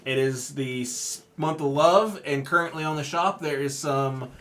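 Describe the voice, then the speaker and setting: A man's voice: a little high, measured pace, a bit bright. Laid-back man plugging the channel. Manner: chatty, laid-back, stumbles over words. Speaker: co-host making channel announcements. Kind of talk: casual live-stream announcements. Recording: clear background noise and clicks.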